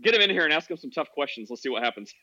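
Rambling joking man, bright voice. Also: a little high, sing-song, rapid-fire, highs cut off. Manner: rambling, joking, laughs often. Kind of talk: casual chat.

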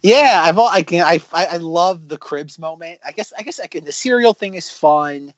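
A man co-hosting a podcast, retelling scenes excitedly in a rambling, filler-heavy way. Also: a little high, normal speed, no echo, muffled recording. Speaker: podcast co-host. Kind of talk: casual chat about sketch comedy.

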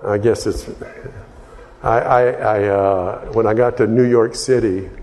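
A man's voice: fairly low pitch, fairly even intonation, unhurried, darkish tone, long reverb tail, a little hiss or hum. A man from Texas preaching a sermon in a rambling way, often restarting his sentences and wandering into asides.

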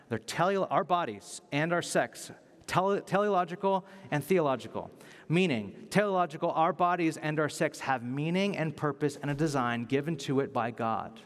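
Higher-voiced man preaching in a reverberant hall. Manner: emphatic, conversational preaching with repetition. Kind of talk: sermon.

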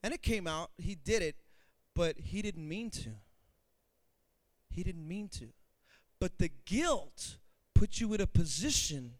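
Middle-aged male pastor, very high and lively, emphatic preaching. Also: no room sound. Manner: emphatic, swings from intimate to booming. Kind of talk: sermon.

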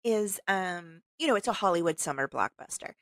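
Chatty lively woman podcast host. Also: on the low side, brisk, no room sound. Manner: chatty, laughs often, animated storyteller. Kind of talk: casual chat. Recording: dry close sound, remote call.

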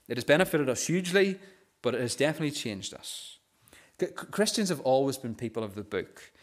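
Male pastor, earnest sermon, frequent stammered restarts, mid pitch. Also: expressive, a little fast. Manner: stammering restarts on first sounds; earnest, drops softer on key phrases.

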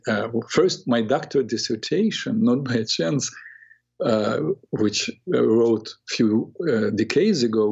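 An older man, a psychotherapist hosting a talk show, telling a personal story in an earnest, reflective way with halting restarts. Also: medium pitch, gravelly, a little mellow, breathy edge. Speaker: radio show host and psychotherapist. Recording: dull lo-fi radio audio.

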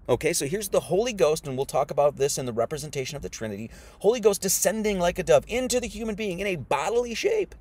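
Rambling preacher man, slightly high voice. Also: very animated, fast, few pauses, darkish tone, breathy edge. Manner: rambling, repeats himself, reads scripture aloud. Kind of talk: online sermon lesson.

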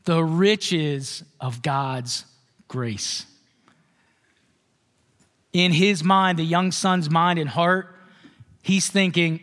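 A male pastor preaching in a high, light voice with a relaxed, conversational delivery, often turning questions back to his listeners. His words ring out with the long echo of a church hall. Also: slow pace, long pauses. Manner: conversational, asks the congregation questions. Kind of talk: sermon.

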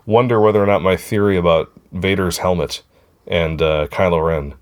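Very deep-voiced male podcast host. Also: moderate pace. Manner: rambling, self-correcting, friendly. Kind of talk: casual chat.

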